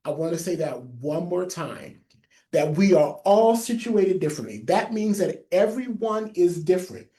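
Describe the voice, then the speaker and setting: A man with a lisp presents a training webinar in a mellow, warm tone. He leans on key phrases and says them twice so listeners can note them down. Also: sits high, animated, moderate pace. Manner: emphatic, repeats key phrases for note-takers. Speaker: public health trainer.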